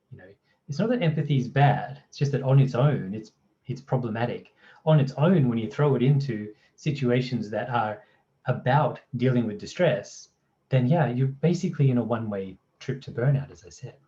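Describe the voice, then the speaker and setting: A man's voice: medium pitch, dark tone, muffled recording. A man with an Australian accent presenting a training course, explaining in a conversational way and often checking in with "right?" and "you know". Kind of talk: explanatory talk to camera.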